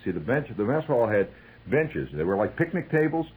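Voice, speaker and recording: A man telling a comic, wry story about army life, acting out the shouted calls. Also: medium pitch, sing-song, normal speed, husky, narrow, tinny audio.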